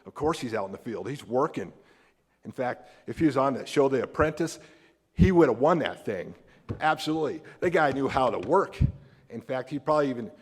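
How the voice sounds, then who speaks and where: Animated American preacher in a reverberant hall. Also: male voice, brisk, slightly rough. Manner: animated, acts out quoted characters with big pitch jumps. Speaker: pastor. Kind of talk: sermon. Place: church sanctuary.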